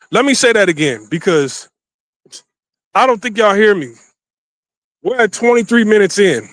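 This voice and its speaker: A man telling a dating story in a casual, slangy, animated way, filming himself on a handheld phone while walking around a city. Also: high-pitched, moderate pace, pauses often, no echo. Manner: animated, slangy, acts out quotes. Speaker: vlogger. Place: outdoors in a city. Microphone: handheld phone camera.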